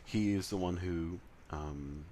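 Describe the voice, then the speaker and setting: Slow and low, with a dark tone, this man delivers a recorded lecture in a conversational style, often using fillers and correcting himself. Slight background noise is audible.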